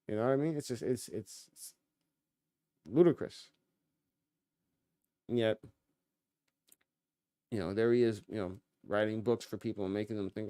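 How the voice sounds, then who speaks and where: A man's voice: fairly low pitch, moderate pace, long pauses, dark tone, clear, resonant tone, no room sound. Rambling man on a dry stream mic. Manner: loose, profane, full of restarts and fillers. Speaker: live stream host. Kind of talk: casual rambling monologue.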